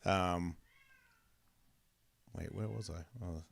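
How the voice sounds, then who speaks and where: This podcast host speaks very slowly in a low, gravelly, steady voice. His casual talk wanders and is peppered with profanity, and he keeps drifting off and dropping his train of thought.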